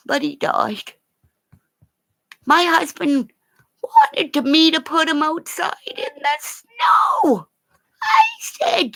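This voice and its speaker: An older woman with grandchildren, telling funny home stories in a casual, animated way, laughing often and swearing now and then. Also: sits high, creaky. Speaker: vlogger. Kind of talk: casual storytelling.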